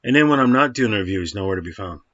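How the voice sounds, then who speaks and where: A man's voice: lowish voice, animated, very fast, a bit bright, no echo. Rambling man in a dry, dull recording. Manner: rambling, scattered, many fillers and restarts. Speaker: movie reviewer. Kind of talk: casual rambling film review.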